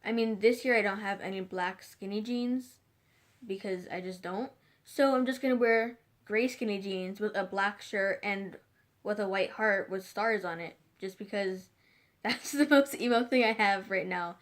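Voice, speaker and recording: A woman's voice: mid-range voice, measured pace. A teenage girl chatting casually to the camera in a rambling way, full of fillers and restarts. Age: teens. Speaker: vlogger.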